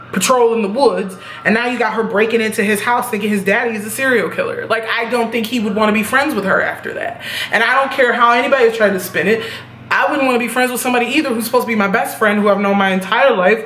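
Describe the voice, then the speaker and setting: A young woman casually reviewing a TV episode, animated and profane, laughing at her own reactions. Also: medium pitch. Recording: echoey room with faint noise.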